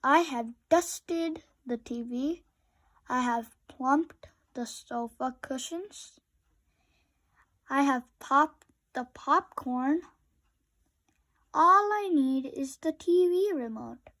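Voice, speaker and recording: Brief: woman voicing excitable young male rabbit, storybook, high, slow and fretful. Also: heavily acted. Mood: eager.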